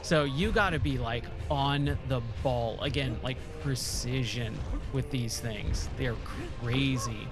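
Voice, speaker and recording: A man's voice: medium pitch, takes it slowly, few pauses, music in the background. A man from southern California chatting casually as a stream host while gaming, rambling with lots of fillers and answering chat. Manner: rambling, filler-heavy, reads chat aloud.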